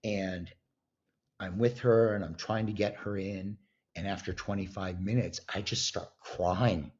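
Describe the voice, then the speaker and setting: A man guest on a podcast, telling a story with emphatic, animated delivery and acting out the voices of the people in it. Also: deep voice, a little slow. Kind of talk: storytelling in an interview. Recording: dull lo-fi sound.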